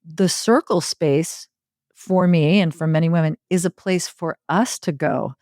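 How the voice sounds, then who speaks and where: A middle-aged woman telling stories in an interview, expressive and building long rhythmic lists. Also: fairly low pitch, measured pace, no room sound, clean studio sound. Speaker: podcast guest, circle facilitator. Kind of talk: conversational interview.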